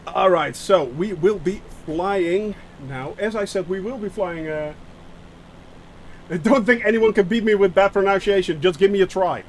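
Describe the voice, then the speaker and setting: A man's voice: high voice, normal speed, slight background noise, low-quality recording. A man live-streaming a flight simulator game, rambling to his chat with many fillers and restarts and mocking himself. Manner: rambling, self-mocking, answers chat aloud.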